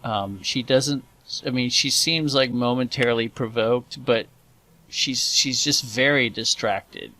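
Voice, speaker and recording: A man narrating as game master of a tabletop horror game, unhurried and descriptive. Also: mid-range voice, sharp tone, poor audio.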